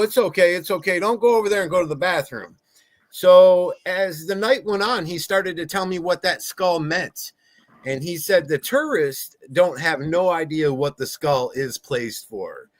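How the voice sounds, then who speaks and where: A man hosting a casual podcast, telling stories in an animated, excitable way. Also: on the high side, no room sound. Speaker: podcast host.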